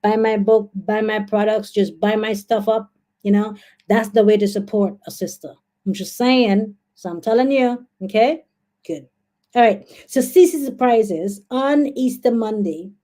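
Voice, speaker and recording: A young woman with a Guyanese accent chats through a casual live stream, excitable and quick to exclaim. Her voice is mellow and warm, never sharp. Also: medium pitch. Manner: chatty, excitable, laughs and exclaims often. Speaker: livestream host.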